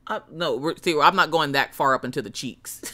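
Woman, bright clear voice, chatty live streamer, thinks out loud, faint music behind. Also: sits low, moderate pace. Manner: chatty, thinks aloud while drawing, greets chat. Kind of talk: casual stream chat.

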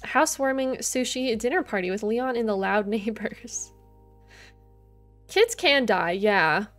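Her voice sits fairly high and she takes her time. Streaming a life-sim game, this young woman keeps up easygoing gameplay chat with viewers and in-game characters, laughing in little giggles as soft music plays behind her.

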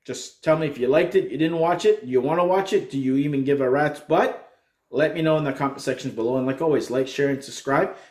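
A man's voice: fairly high pitch, fairly quick. Chatty man reviewing movies in an echoey room. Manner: animated, profane, rambling with fillers. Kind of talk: casual spoken movie review. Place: room with a screen behind him.

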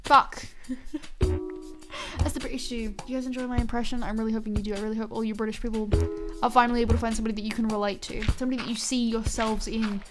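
A woman's voice: a little high, level tone, racing, over loud music. A young woman streaming a game, chatting casually with her viewers and swearing freely. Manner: chatty, swears often, talks to chat. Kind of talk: casual live-stream chat while gaming.

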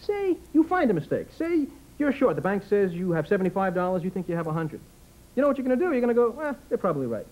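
A man appears as a comedian guest on a talk show, rambling, poking fun at himself, and dropping into little acted voices. His voice is high and sing-song with a darkish tone, he talks fast, and the audio quality is poor.

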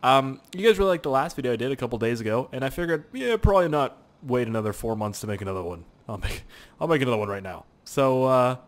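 Excitable young man yelling through gameplay. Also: medium pitch, fast. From Canada. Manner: excitable, swearing, laughing, yelling at the game. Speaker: gaming YouTuber. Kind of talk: casual gameplay commentary.

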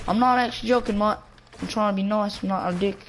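A woman's voice: medium pitch, fairly even intonation, quick pace, slight background noise. A young woman putting on an Australian accent, trash-talking and teasing other players in game voice chat. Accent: put-on Australian. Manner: cocky, teasing, calls others "mate". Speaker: gamer pranking strangers in voice chat.

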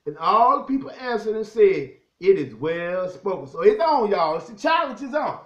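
A man's voice: high voice, moderate pace, echoey room, dull audio. A man preaching a sermon, reading scripture aloud and talking straight to his listeners. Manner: animated preaching, reads scripture aloud, keeps addressing the crowd as "y'all".

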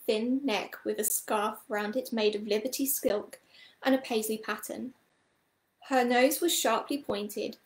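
A woman reading a children's story aloud, in a gentle, clear storybook manner. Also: on the high side, reverberant.

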